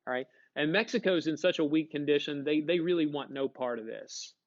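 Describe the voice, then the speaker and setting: A man's voice: a little high, brisk. Man teaching history, lo-fi. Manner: conversational, asks the class questions and answers them. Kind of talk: classroom lecture.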